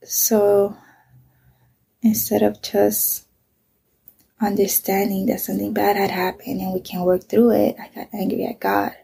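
A woman's voice: mid-range voice, monotone, measured pace, vocal fry, long pauses, dark tone, husky. A middle-aged woman, a mother, candidly telling a painful personal story, swearing often and sometimes dropping to a whisper.

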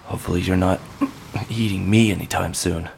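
A man's voice: deep voice, fairly even intonation, normal speed, gravelly, slight background noise. A man playing a frantic, wounded man. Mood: pained. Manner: swearing, shouting, raw and unhinged. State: coughing and in pain. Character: injured, frantic man haunted by his dead ex.

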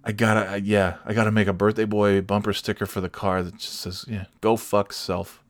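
A man's voice: on the low side, little pitch movement, brisk, dry recording. A middle-aged man hosting a podcast, ranting alone in a sarcastic, profane way. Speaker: podcast host. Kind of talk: solo comedic rant.

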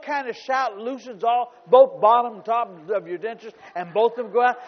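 Brief: high-pitched male pastor, sermon delivery, humorous stories that swell into shouting, long reverb, slightly muffled. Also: brisk, few pauses. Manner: storytelling with humor, rising to shouts.

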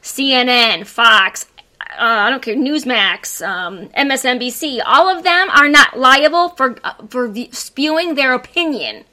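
A woman co-hosts an opinion talk show with a bright, fairly high voice. She speaks firmly and assertively, cutting in with quick asides. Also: expressive. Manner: firm, assertive asides and interjections. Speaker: co-host.

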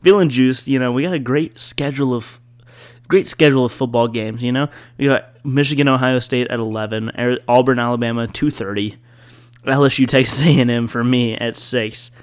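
A young man with an average-pitched voice hosts a relaxed sports podcast. He chats easily, laughs often, and fills pauses with ums and you-knows. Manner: laid-back, laughs a lot, many fillers. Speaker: podcast host. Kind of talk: casual chat.

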